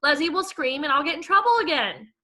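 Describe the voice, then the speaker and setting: A woman's voice: high voice, animated, a little fast, bright, forceful tone. A woman voicing an earnest, protesting young schoolboy in a storybook reading.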